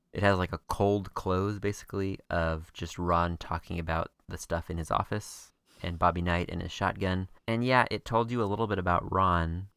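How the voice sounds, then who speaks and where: A woman co-hosting a podcast, chatting casually with a wry, skeptical edge. Her voice sits very low for a woman. The sound is dry and close, with no room to it. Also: fairly bright tone, no room sound. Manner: wry, skeptical, fast recaps. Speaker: podcast co-host. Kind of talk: casual chat.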